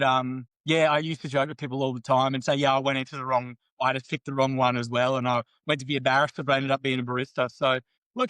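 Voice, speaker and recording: Fast-talking guy, sweary and candid. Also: mid-range voice, fairly bright tone, dry recording, low-quality recording. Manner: candid, sweary, quotes others in banter. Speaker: podcast guest. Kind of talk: casual storytelling interview.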